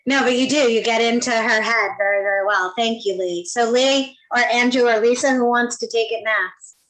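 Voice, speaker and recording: Chatty woman hosting a video panel, kinda high voice, rambles her questions. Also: normal speed, a bit bright, rough recording. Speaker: panel host. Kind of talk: moderating a panel.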